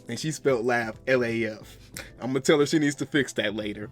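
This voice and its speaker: A man's voice: mid-range voice, brisk, faint music behind. A man with a daughter in second grade, ranting animatedly about his team and laughing through exaggerated mock grief. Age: adult parent. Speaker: sports fan commentator. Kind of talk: casual fan rant to camera.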